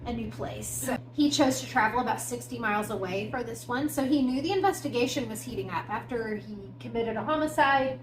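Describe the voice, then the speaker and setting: A woman co-hosting a podcast, recounting a crime case in casual storytelling with emphatic asides. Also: a little high. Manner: conversational, recounting events with emphatic asides and fillers. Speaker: podcast co-host. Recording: echoey room with faint background noise.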